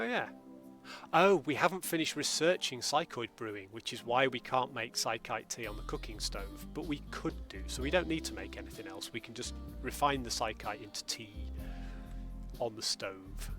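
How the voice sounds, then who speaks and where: A man's voice: mid-range voice, a bit bright. A man, chatting casually with viewers during a live gameplay stream from home. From England. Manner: chatty, greets viewers by name.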